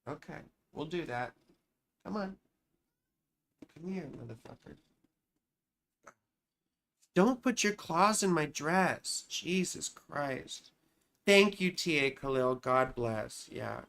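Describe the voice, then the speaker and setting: A man doing astrology readings on a relaxed home live stream, with a voice that sits a bit high for a man. He talks unhurriedly and gently, comforting viewers with pet names and the odd curse word. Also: slow pace, creaky, pauses often. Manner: soft-spoken and consoling, calls viewers baby and sweetheart, swears casually. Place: home, with a cat nearby.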